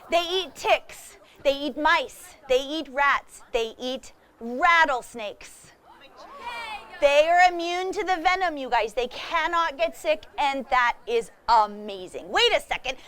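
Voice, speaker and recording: A woman giving a lively talk about wild animals to a young audience, animated and often laughing as she speaks straight to the crowd. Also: high voice. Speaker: wildlife educator with animal ambassadors. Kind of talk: lively presentation to kids.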